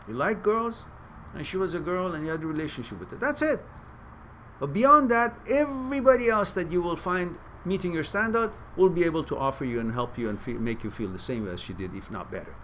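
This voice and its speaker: A man's voice: fairly high pitch, slight background noise. A man hosting a live-stream Q&A, reading viewer questions aloud and answering them with blunt, swearing advice. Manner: blunt, swearing, animated pep talk; reads out viewer messages, then answers them. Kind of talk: casual advice chat.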